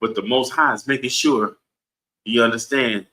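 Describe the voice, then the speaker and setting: A man's voice: medium pitch, normal speed, bright, forceful tone. Preachy man teaching a bible class. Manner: preachy, asks the room "right?" over and over. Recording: echoey room.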